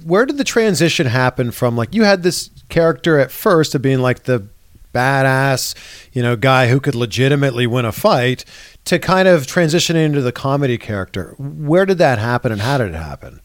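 A man's voice: mid-range voice, expressive, fairly quick, no echo. Conversational male host, dry sound. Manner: curious, conversational questioning. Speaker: interview host. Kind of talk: casual interview chat. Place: wrestling convention in New York.

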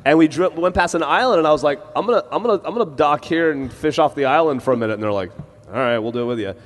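A man's voice: a little high, lively intonation. A man telling a rambling comic story as co-host at a live podcast. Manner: rambling comic anecdote, quick. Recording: live hall with reverb and hiss.

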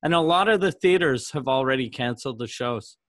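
A man's voice: medium pitch, expressive, fairly quick, a bit bright, no echo, clean studio sound. Profane, rambling man on a podcast. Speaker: comedian podcast host. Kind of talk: casual podcast chat.

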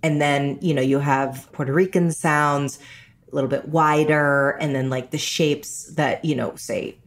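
Deep-voiced American actress, expressive guest who slips into voices. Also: female voice, unhurried. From New York. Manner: animated storyteller, slips into voices. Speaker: actor and guest. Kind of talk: casual interview chat.

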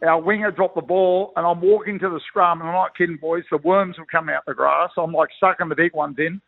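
A middle-aged Australian man with a gravelly, rough-edged voice tells yarns at a quick clip. He rambles in a colloquial, blokey way. He is heard over a thin, tinny phone line. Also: a little high, steady tone. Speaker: retired rugby league player, guest. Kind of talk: phone interview, storytelling.

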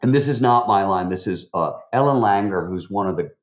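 A man's voice: low-pitched, expressive, brisk. Chatty man telling stories in a roomy recording. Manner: chatty, many fillers and restarts, voice jumps up for quotes. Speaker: podcast guest, author. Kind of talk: animated interview storytelling. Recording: roomy, slightly dull recording.

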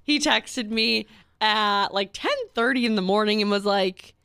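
A woman's voice: mid-range voice, fairly even intonation, unhurried, vocal fry, bright, forceful tone, clear, resonant tone, no room sound. Woman, Long Island accent, podcast co-host, casual rambling storyteller, dry close sound. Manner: chatty storytelling, lots of "like" and "um". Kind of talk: casual chat.

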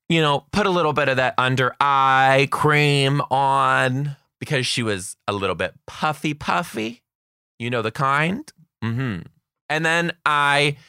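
A man's voice: medium pitch, sharp tone, clear, resonant tone, no echo, studio quality. A man in his thirties telling a funny story in a chatty, self-mocking way. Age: 30s. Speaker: podcast host, kindergarten teacher. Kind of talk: casual storytelling.

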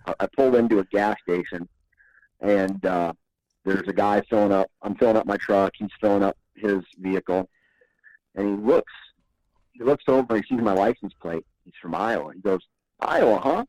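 A man's voice: fairly low pitch, normal speed, darkish tone, dry recording, low-quality recording. A man guesting on a podcast, telling stories in a laid-back, rambling way and chuckling often. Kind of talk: casual podcast storytelling.

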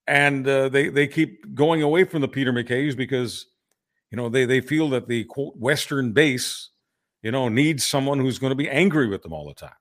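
A man's voice: medium pitch, normal speed. A man co-hosting a political podcast, opinionated and emphatic, often restarting his sentences. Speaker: podcast co-host. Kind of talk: casual political chat.

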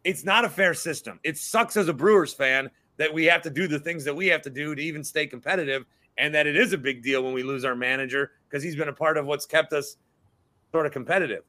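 A man's voice: on the high side, fast talker, bright, forceful tone. A man in his thirties with a Midwestern accent, co-hosting a sports podcast and ranting profanely in casual chat. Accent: Midwestern American. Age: 30s. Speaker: podcast co-host.

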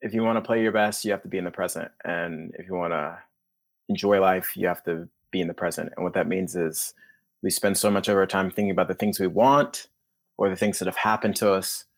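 A man's voice: deep voice, a little fast. A man, a tennis coach, talking casually as a podcast guest in a loose, rambling way. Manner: relaxed, rambling, acts out inner voices.

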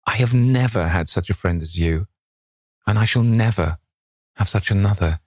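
An earnest, devoted painter, as a man voices him in an audiobook talks in a sincere, wounded manner. His tone is deep and husky, and the recording is dry. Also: moderate pace, darkish tone, no room sound, lightly acted.

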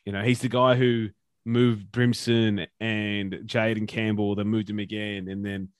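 A man's voice: on the low side, little pitch movement, unhurried, no room sound, studio quality. A man with an Australian accent talking sports in a casual podcast chat, opinionated and ranting, with some swearing. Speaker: podcast co-host.

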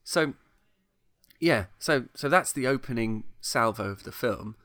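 A man's voice: mid-range voice, expressive, a little slow, a bit bright, dry recording, studio quality. A middle-aged man, chatting casually on a podcast as he retells a film plot, enthusiastic and full of restarts. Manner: rambling, enthusiastic, many restarts. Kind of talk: casual chat.

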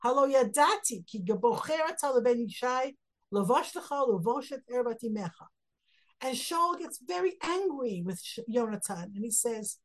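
A woman's voice: high voice, expressive, moderate pace. A woman teaching a text study class, reading verses aloud and then explaining them, acting out the quotes with rising emphasis. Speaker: Torah teacher.

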